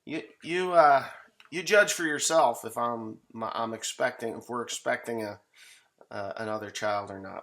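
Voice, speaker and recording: A farmer in his fifties talks to the camera outdoors among his equipment for a casual farm vlog, rambling and offhand with a dry, sarcastic streak. His voice is medium-pitched and fairly bright, he speaks a little slowly, and there's no room sound.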